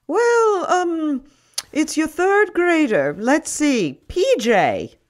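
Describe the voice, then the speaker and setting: A woman's voice: high-pitched, big pitch swings, drawn-out words, voice pushed up, exaggerated voice. A woman voicing a flustered school headmistress who is hesitant on the phone.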